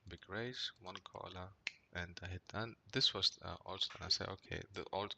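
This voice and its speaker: Low gravelly man rambling through poker hands. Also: fairly even intonation, normal speed, hardly any pauses, pushed and bright. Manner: rambling, frequent "right?" tags and fillers; gets worked up and swears when annoyed. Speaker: poker player reviewing his hands. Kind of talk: casual commentary over gameplay.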